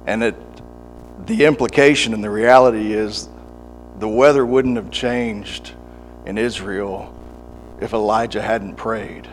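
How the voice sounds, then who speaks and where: A man preaching a sermon, often restarting his words, moving from quiet reflection to fervent, pleading prayer. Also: lowish voice, steady tone, unhurried, pauses often, faint music behind. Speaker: pastor. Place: church service.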